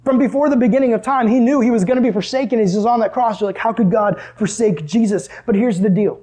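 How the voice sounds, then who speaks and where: Guy preaching to a crowd, kinda high husky voice, chatty, asks the room stuff, goes quiet for effect. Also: very fast. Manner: conversational, asks the room questions, drops to hushed tones for emphasis. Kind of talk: sermon.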